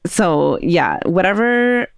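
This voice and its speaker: A woman hosting a podcast, telling a spooky story in a casual, animated way and acting out the voices of people in it. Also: fairly low pitch, slow, creaky, clear, resonant tone, no room sound. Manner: animated, laughing, acts out quoted voices.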